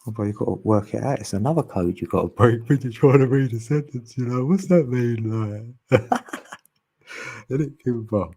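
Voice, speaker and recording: A man's voice: medium pitch, normal speed, darkish tone, husky. A man hosting an online group chat, rambling casually and laughing often.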